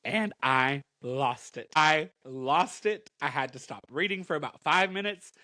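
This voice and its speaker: A man co-hosting a comic chat, telling the story with dramatic flair and quick asides. His voice sits a little high and sounds bright and forward. The recording is close and dry. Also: dry recording. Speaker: comic book podcast co-host. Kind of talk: casual chat recapping a comic.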